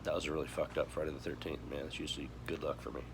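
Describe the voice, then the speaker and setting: A grieving man with a voice of extreme depth and a gravelly rasp speaks slowly and haltingly, starting over again and again. He sounds choked up. Steady background noise sits under his voice. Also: rumbling low. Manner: heavy, halting, with many pauses and restarts. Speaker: vlogger. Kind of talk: grieving personal vlog.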